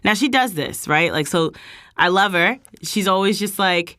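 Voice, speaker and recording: Low-pitched female vlog host, chatty storyteller who acts out the people she quotes, dry recording. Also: normal speed, dry recording. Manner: animated, quotes people in higher voices. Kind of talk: casual storytelling.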